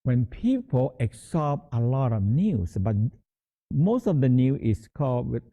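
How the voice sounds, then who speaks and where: A man guiding a meditation practice in a halting, repetitive teaching manner, often restating words as he explains. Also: medium pitch, big pitch swings, mellow. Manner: halting, repeats words, slow explanatory phrasing. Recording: tinny phone-like sound.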